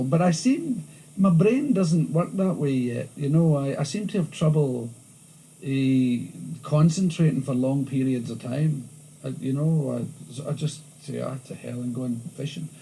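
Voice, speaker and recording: A man with a thick Glasgow accent, talking through an interview in lively stories full of restarts. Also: a little high, measured pace, husky, rough recording. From Scotland. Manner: animated storytelling, frequent restarts. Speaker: interviewee, comedian. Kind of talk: candid interview chat. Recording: old VHS tape with faint hiss.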